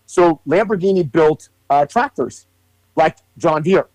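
A man's voice: on the high side, measured pace, darkish tone, dry recording, poor audio. A man co-hosting a podcast in casual chat, explaining at length in a rambling way with fillers and some swearing. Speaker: podcast co-host.

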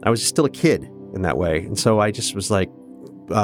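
Soft music plays behind a Kansas man in his fifties as he shares a personal story in conversation as an interview guest. His fairly low voice is expressive and a little fast. He's earnest and reflective, restarting hesitantly at times.

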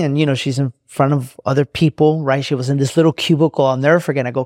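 A man's voice: medium pitch, fairly even intonation, quick pace, hardly any pauses, a little mellow, no echo, clean studio sound. A man hosting a podcast, telling a personal story in an emphatic, preachy way and repeating his phrases for effect. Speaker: podcast host. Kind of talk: motivational storytelling monologue.

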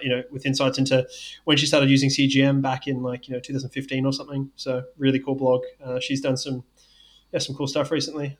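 A man's voice: medium pitch, fairly bright tone. A man with a South African accent co-hosting a podcast, chatting casually and rambling with many fillers. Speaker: podcast co-host, sports scientist.

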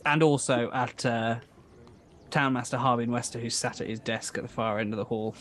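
A man's voice: mid-range voice, fairly even intonation, normal speed, fairly bright tone, a little hiss or hum. A man narrating an improvised tabletop game as dungeon master, describing scenes hesitantly with many fillers.

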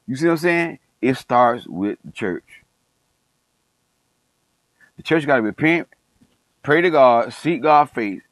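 A middle-aged man delivering a fired-up, sermon-like talk, repeating his points for emphasis. His voice sits at an ordinary pitch. The sound is dry and close, with no room echo. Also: expressive, slow pace, long pauses. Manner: emphatic, repeats phrases, calls himself passionate. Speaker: coach and online commentator. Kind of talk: passionate preachy monologue.

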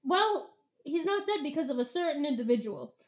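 A woman hosting a podcast, recapping a book in casual chat, animated, swearing and laughing often. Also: high voice, brisk. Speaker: podcast host.

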